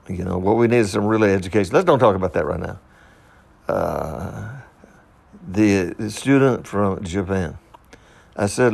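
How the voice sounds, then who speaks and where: A middle-aged man hosting a solo podcast, rambling with many fillers and restarts, swinging between loud high bursts and quiet low asides. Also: a little slow, vocal fry, long pauses. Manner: rambling, with frequent fillers and self-interruptions. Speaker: podcast host.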